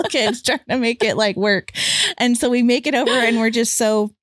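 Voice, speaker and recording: With a fairly high, steady voice at normal speed, a young podcast co-host from California rambles through a long personal story in casual conversation. Her talk is packed with "like" fillers and free swearing.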